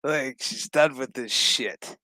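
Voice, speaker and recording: Male recap host, slow and foul-mouthed, with a bright, slightly high voice. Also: no echo. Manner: profane, laughing, loose storytelling. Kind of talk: casual episode recap commentary.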